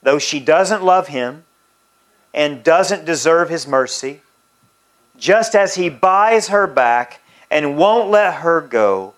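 A man preaching a sermon, reading scripture aloud in emphatic, drawn-out phrases to a congregation. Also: fairly high pitch, expressive.

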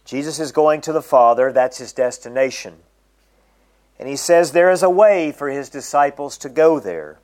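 A middle-aged man preaching a sermon, reading scripture aloud and slowing down to stress its key phrases. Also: on the high side, animated, a little mellow.

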